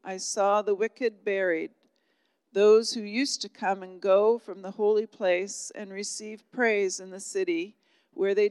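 Woman, scripture reader, slow and solemn, smooth resonant voice. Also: medium pitch, no room sound, big-room sound. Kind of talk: scripture reading.

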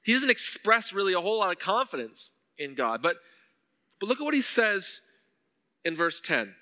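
In a large hall, a man's high, sing-song voice carries at a moderate pace with a sharp edge. He's a pastor giving an earnest sermon, and as he reads psalm verses his delivery climbs toward pleading.

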